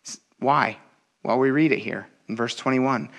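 A man's voice: mid-range voice, normal speed, a bit bright. A man in his thirties preaching a sermon, talking conversationally and with animation, addressing the congregation directly as "you guys.". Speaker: pastor.

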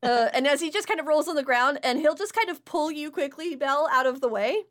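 A woman's voice: sits high, expressive, fairly quick, a crowd in the background. A woman narrating as game master of a tabletop role-playing game, laughing easily between descriptions. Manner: laughs often while narrating.

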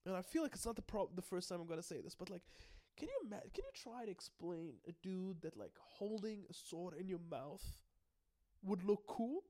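A man giving an excitable, casual recap, swearing freely and often stumbling and restarting. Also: high-pitched, moderate pace. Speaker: anime and manga recap host.

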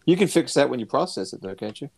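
A man co-hosting a podcast in easygoing casual chat, quick to laugh along. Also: mid-range voice, sing-song, creaky, darkish tone, a little hiss or hum. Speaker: podcast co-host.

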